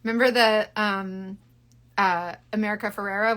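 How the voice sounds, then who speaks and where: A woman, chatting loudly and bubbly on a live stream and reading out viewer comments. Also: medium pitch. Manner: loud, bubbly and animated, fast bursts with laughs. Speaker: beauty seller hosting a live stream.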